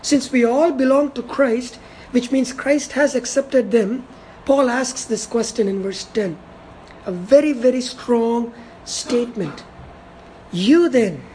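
Lady preaching, kinda high pitched but mellow, hammers words over and over, slows way down to land a point. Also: slight background noise, poor audio. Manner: emphatic, repeats key words, slows down to stress points. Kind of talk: expository sermon.

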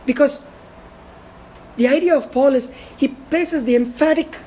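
A woman preaching an expository sermon. She talks emphatically, repeats key words and slows down to stress her points. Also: high-pitched, dark tone, low-quality recording.

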